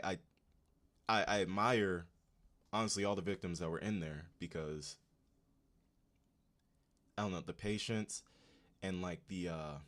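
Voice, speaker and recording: Deep-voiced man chatting on a livestream. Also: fairly bright tone. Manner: laid-back slang, talks straight to chat. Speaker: livestream host. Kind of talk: casual livestream chat.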